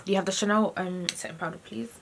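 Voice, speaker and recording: A woman in her twenties, chatting softly as she narrates her makeup steps at home. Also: medium pitch, steady tone, fast. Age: 20s. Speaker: vlogger. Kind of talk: casual chat. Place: at home, getting ready. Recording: noisy home video recording.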